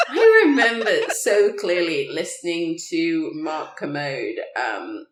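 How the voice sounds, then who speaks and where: A woman's voice: low voice, slow pace, hardly any pauses, heavy background noise. A woman co-hosting a podcast, chatting casually about films and laughing often. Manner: chatty, animated, laughs often, many fillers. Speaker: podcast co-host. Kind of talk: casual film chat. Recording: roomy echo.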